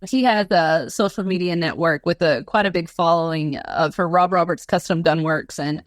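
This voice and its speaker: A woman guest in an interview, telling stories in a rambling, animated way with lots of filler words. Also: lowish voice, normal speed, dry recording. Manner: animated, rambling storyteller with many fillers and laughs. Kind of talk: casual storytelling interview.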